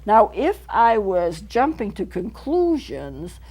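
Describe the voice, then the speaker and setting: A middle-aged woman counselor talks from a local TV studio. She explains each idea earnestly, going back over it so the point lands. Her voice sits at an ordinary middle pitch. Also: big pitch swings, slow, darkish tone, breathy edge. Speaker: counselor hosting a local TV show. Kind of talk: teaching talk to camera.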